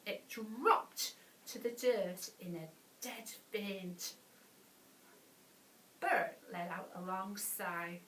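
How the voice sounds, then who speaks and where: A woman reading a bedtime story to children, animated, with gasps and playful asides. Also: medium pitch, takes it slowly, recorded from a distance. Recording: echoey room, voice off-mic.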